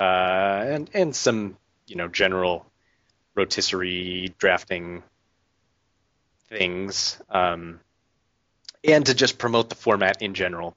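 A man's voice: low-pitched, a bit bright, no echo. A man hosting a casual podcast, a little sick, rambling with plenty of fillers and restarts. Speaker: podcast host. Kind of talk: casual chat. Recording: dull lo-fi, dry.

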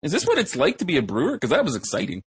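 A man co-hosting a podcast in casual chat, excitable and joking, swearing freely. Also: on the high side, rapid-fire, husky. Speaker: podcast co-host.

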